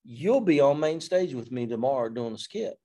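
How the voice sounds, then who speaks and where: A man's voice: medium pitch, expressive, normal speed, warm tone, close to an everyday voice. A man recalls a friendly veteran male fire chief. The chief speaks in a matter-of-fact, encouraging way, in an ordinary mid-range voice. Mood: approving.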